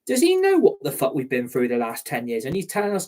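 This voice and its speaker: A man's voice: fairly high pitch, huge pitch swings, brisk, few pauses, darkish tone. A man giving an angry, heated rant as a football fan, swearing freely. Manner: heated, ranting, heavy swearing. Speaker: football fan channel host.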